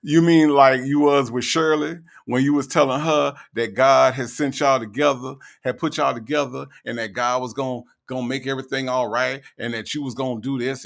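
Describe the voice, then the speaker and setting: Gravelly man doing mocking commentary. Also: mid-range voice, fairly even intonation. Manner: mocking, sarcastic, drawn-out delivery. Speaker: commentary host. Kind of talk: casual reaction commentary.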